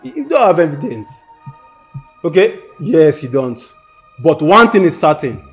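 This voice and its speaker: A man playing a relative who pleads with a quarrelling couple to calm down. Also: on the high side, unhurried, faint music behind. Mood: pleading. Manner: soothing, pleading. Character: calm peacemaking brother-in-law.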